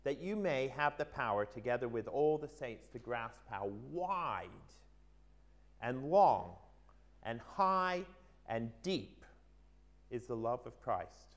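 A man preaching a sermon, telling an illustration with earnest emphasis that swings between lively stresses and quiet asides. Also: medium pitch, slow.

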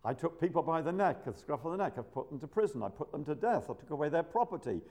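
A man preaching a sermon in a church, slowing down to stress quoted lines with an emphatic, lively delivery. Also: a little high. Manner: lively, drawn-out emphatic quoting, chuckles to the congregation.

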